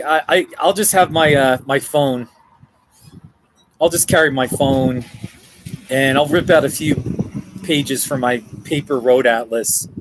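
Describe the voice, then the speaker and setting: A man's voice: on the high side, a little hiss or hum, poor audio. A man chatting casually on a live stream from a coffee shop, rambling and answering viewer comments. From Colorado.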